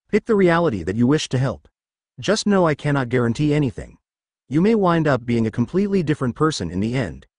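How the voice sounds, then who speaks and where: A man voicing a calm, kind old sage in a storybook reading, with a gentle, solemn manner. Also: mid-range voice, no echo.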